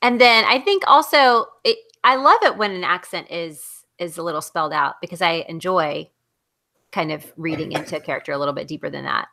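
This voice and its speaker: Middle-aged Southern woman, podcast co-host, rambling casual book talk. Bright, forceful voice sitting a little low for a woman. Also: animated, brisk, creaky. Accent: Southern American. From American South. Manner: chatty, rambling, many fillers and restarts. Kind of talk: casual book discussion chat.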